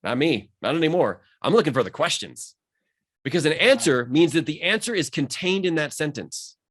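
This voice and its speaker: A man's voice: on the high side, lively intonation, fairly bright tone. A man who is a mindset coach, talking earnestly and with motivation in a podcast conversation. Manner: fast, earnest and motivational, rising with emphasis.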